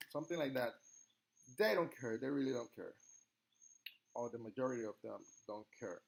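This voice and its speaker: A young man with a Spanish accent, a native Spanish speaker from Latin America, giving an earnest, halting class presentation as a student. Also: fairly high pitch, vocal fry, poor audio. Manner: earnest, halting, reads questions aloud.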